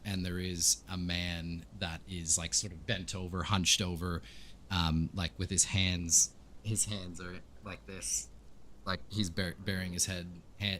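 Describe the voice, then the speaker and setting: A man's voice: low-pitched, a bit bright, slight background noise. A man narrating as game master in a tabletop game, hesitant, with many fillers and self-corrections.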